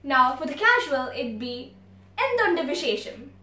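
A woman's voice: high-pitched, very animated, measured pace, bright, forceful tone, roomy sound, far from the mic. A young woman from India whose first language is Malayalam, hosting a language channel with playful, theatrical tour-guide patter. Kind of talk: playful scripted presenting.

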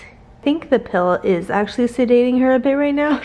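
A woman chatting casually in a home vlog about her puppy, slipping into high baby talk when she speaks to her dog. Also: lively intonation, fairly quick, mellow, lo-fi sound. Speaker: vlogger, dog owner. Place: home living room. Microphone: handheld camera. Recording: roomy echo.

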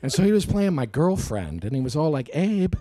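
A middle-aged man casually telling an animated anecdote in an interview, acting out voices, laughing and swearing often. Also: medium pitch, brisk. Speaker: actor telling stories.

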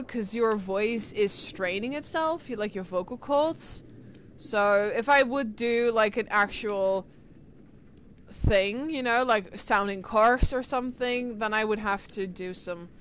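A woman streamer chatting casually with her live viewers, excitable and talkative as she answers chat. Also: mid-range voice, slight background noise. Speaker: game streamer.

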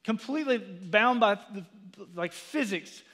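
A man preaching a sermon in a conversational way, often asking "right?" and "okay?", and going quiet when he quotes scripture. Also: high-pitched, animated, unhurried. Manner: drops to a hushed tone for quoted scripture. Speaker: pastor. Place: church sanctuary. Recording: long reverb of a church sanctuary.

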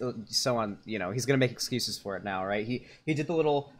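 A man's voice: mid-range voice, quick pace, few pauses. A young adult man streaming live, giving casual, rambling reaction commentary full of fillers and restarts.

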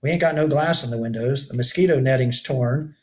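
In a brisk, slightly mellow, natural mid-range voice, a man reads aloud as the weary, rugged older keeper of a shipwreck shelter. The character laments in folksy backwoods grammar.

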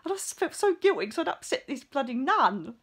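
A middle-aged woman telling a personal story in a chatty, excitable way, acting out the lines she quotes. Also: sits high, fairly quick. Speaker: psychic medium vlogger. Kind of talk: casual storytelling monologue.

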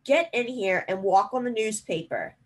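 A woman's voice: medium pitch, expressive, moderate pace, recorded from a distance, close to an everyday voice. A woman voicing a strict middle-aged aunt who snaps out curt orders. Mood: snapping.

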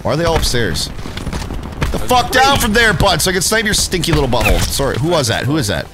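A man streaming a shooter game, swearing and teasing a friend in loud, excitable running commentary. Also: medium pitch, very fast, background noise. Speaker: gaming streamer. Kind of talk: casual gameplay commentary. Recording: game audio and music behind.

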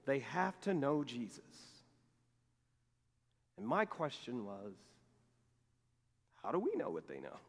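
A middle-aged male pastor preaching a sermon, telling a personal story in a lively way and acting out the dialogue. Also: mid-range voice, slow, vocal fry, long pauses, husky. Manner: animated storytelling, acts out quoted dialogue. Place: large church sanctuary. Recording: long reverb of a church sanctuary.

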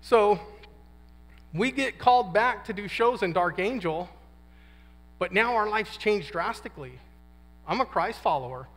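A fifties-aged man speaking at a men's conference has a high, slightly bright voice with lively intonation, talking a little slowly and pausing often. His casual, slangy testimony includes acted-out quotes, and the big hall gives a long reverb.

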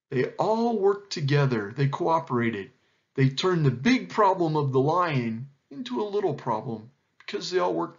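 Teacher reading to kids: man, fairly high, lively voice, lo-fi audio. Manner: gentle, explaining, asking questions. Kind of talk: storybook reading and lesson.

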